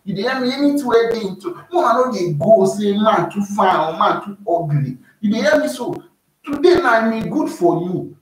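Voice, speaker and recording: A man's voice: high-pitched, animated, normal speed, far from the mic. A man from Nigeria with a Nigerian Pidgin accent, giving casual advice in a preachy, repetitive way that keeps checking the listener is following. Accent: Nigerian Pidgin English. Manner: preachy, repeats himself, keeps asking "you dey hear me". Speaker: YouTube vlogger giving advice. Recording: very echoey room, voice away from the mic.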